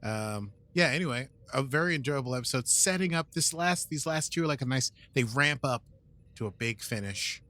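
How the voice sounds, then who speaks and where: A man's voice: medium pitch, lively intonation, moderate pace, pushed and bright. A man with a British accent co-hosting a casual podcast, recapping episodes in a playful, rambling way. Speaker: podcast co-host. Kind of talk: casual chat.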